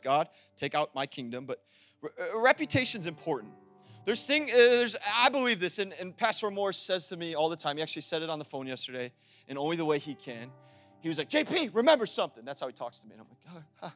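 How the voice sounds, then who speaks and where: This high-voiced preacher shifts between an easygoing, chatty delivery and bursts of loud emphasis. Quiet, gentle music sits in the background of his sermon.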